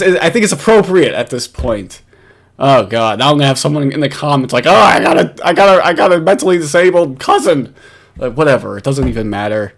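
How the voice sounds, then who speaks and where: A man talking over a video in casual commentary, ranting and swearing in disbelief. His voice sits a bit high for a man, and he keeps restarting his sentences as he gets worked up. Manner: exasperated, profane ranting with frequent restarts. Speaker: commentary host.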